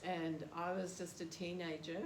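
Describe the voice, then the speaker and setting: Older aussie woman, lowish voice, telling a story and laughing at herself, echoey room. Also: level tone, moderate pace. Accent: Australian. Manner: chatty, laughing, self-deprecating. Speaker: interviewee, devotee. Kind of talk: casual storytelling. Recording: roomy with background noise.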